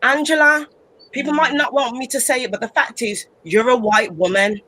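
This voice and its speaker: A woman's voice: sits high, steady tone, moderate pace, pushed and bright, poor audio. A woman on a casual panel discussion, talking emphatically and ranting about a couple.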